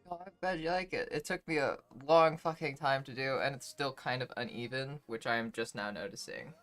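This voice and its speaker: Bright-voiced emotional young woman streamer. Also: rumbling low, moderate pace, faint music behind. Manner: chatty, swears freely, reads chat aloud. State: emotional, on the verge of tears. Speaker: livestreamer. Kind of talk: casual chat with stream viewers.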